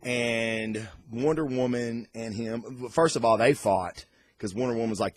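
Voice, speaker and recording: Speaking at a measured pace in a mid-range voice, this comic book vlogger unboxes and reviews his haul casually. He's excitable and loose, swearing freely.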